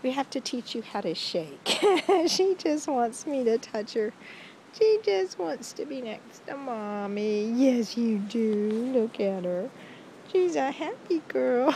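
A woman's voice: sits high, sing-song, takes it slowly, a little mellow, poor audio. A woman filming her dog in a windy backyard, talking to it in sing-song baby talk. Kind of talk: casual chat to her dog on camera. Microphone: handheld camera. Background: wind.

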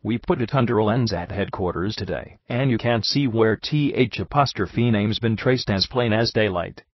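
Low, husky Irish cop, gruff and folksy, as a man plays him. dull dry audiobook sound. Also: normal speed, no room sound. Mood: deferential. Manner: folksy, drawling, dropped g's. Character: gruff Irish police sergeant, middle-aged man.

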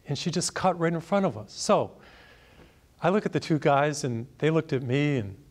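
Priest telling a sermon story. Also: male voice, on the high side. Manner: storytelling, animated when quoting others, laughs at himself. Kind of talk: sermon with personal anecdotes.

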